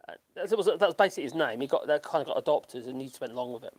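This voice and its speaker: Older Norfolk man, livestream host, rambling and halting, mid pitch. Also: expressive. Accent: Norfolk English. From Norfolk, England. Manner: rambling, halting, with frequent ums and laughs. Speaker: livestream host reading chat. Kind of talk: casual chat.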